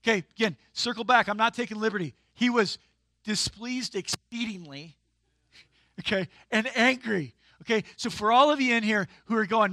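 A man preaching in a conversational sermon style that breaks into sudden emphatic bursts. His voice is bright and a little higher than most men's. The sound is dry and close, with no room echo. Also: moderate pace. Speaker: pastor.

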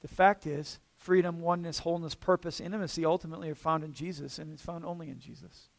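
Pastor, male, high-pitched, easygoing sermon delivery with frequent check-ins. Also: steady tone, fast talker, vocal fry. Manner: casual, checks in with the room with frequent "okay?". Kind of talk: conversational sermon.

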